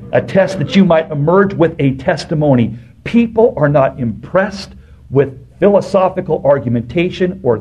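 A middle-aged pastor telling personal stories in a sermon, his voice swinging between hushed tones and loud bursts. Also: medium pitch. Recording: muffled, slightly noisy sermon recording.

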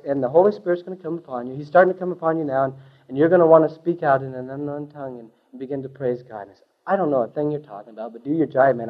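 A man with a fairly high voice tells his church testimony like an animated storyteller, dropping hippie slang. He swings from loud bursts to hushed asides. The recording is dull and lo-fi. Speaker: testimony speaker.

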